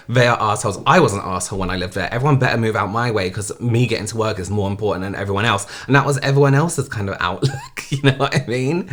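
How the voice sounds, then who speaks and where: Casual English male reactor, low voice, loose and swearing. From England. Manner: chatty, swears freely, often asks "you know what I mean?". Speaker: reaction video host.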